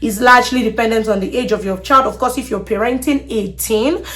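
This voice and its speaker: A woman's voice: fairly high pitch, brisk, a bit bright. A woman hosting a parenting talk, speaking earnestly, often repeating words and checking in with "okay?" as she explains. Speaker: podcast host.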